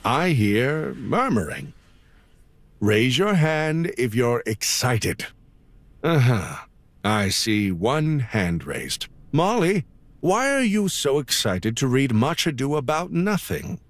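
A man's voice: mid-range voice, sing-song, slow pace, dry recording. A man playing a quirky English teacher, theatrical and playful in an audio drama.

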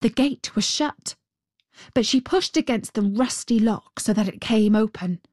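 A woman reading a fairy tale aloud in a gentle, unhurried and expressive way. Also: on the high side, no room sound, studio quality. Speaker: storyteller.

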